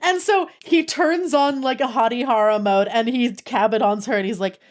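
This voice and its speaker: A young woman streamer chats casually with her live viewers, gushing, giggling, and breaking into laughter, with "like" sprinkled everywhere. Her voice is on the high side at a moderate pace.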